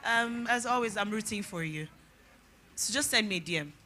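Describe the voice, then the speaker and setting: A woman's voice: mid-range voice, lively intonation, normal speed, very noisy. A woman, a guest speaker giving earnest, direct career advice at a conference. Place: conference stage before an audience.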